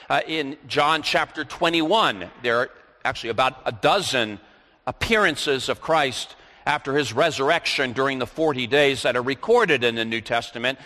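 A man's voice: medium pitch, pushed and bright. A man preaching a sermon, reading scripture aloud and then explaining it. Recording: long reverb of a large hall.

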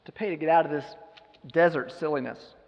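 A man's voice: a little high, a little fast, vocal fry, big-room sound, lo-fi sound. A man preaching who voices a taunting male devil that goads and tempts in the desert. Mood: coaxing. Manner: mocking, goading, wheedling.

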